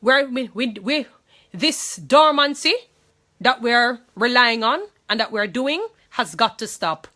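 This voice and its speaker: A woman's voice: on the high side, expressive, a little slow, hardly any pauses, bright, forceful tone. A woman with a Jamaican accent, speaking to viewers in an impassioned monologue. She talks emphatically, repeats phrases and pleads, distressed and angry.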